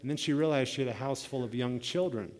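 A man's voice: medium pitch, quick pace, darkish tone, in a large hall. A man preaching a sermon as pastor, reading scripture and telling a personal story with quoted voices.

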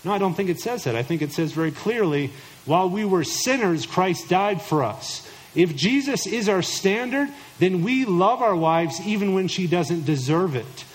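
A middle-aged male pastor preaching with a high, bright voice. He speaks emphatically and directly to the men in front of him and slips into mock voices to quote imagined listeners. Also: lively intonation, normal speed, low-quality recording. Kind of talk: sermon to husbands.

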